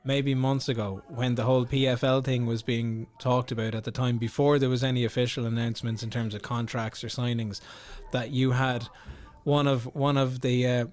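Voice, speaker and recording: A man hosts a sports podcast in a relaxed, talkative way. His voice sits at an everyday middle pitch, and his long questions are filled with ums and uhs. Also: moderate pace. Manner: chatty, rambling, many fillers. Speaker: podcast host. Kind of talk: casual interview chat.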